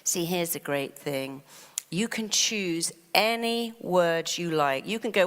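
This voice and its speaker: A woman's voice: on the low side, slow, long reverb tail. A middle-aged woman giving a motivational talk, telling stories and acting out the voices in her head. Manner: animated storyteller who acts out inner voices. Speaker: therapist and motivational speaker.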